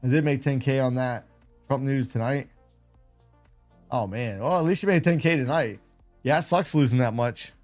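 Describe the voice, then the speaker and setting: A man's voice: mid-range voice, normal speed, pauses often, darkish tone, faint music behind. A man hosting a late-night trading livestream, chatting casually and rambling in a self-deprecating way. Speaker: live trading stream host.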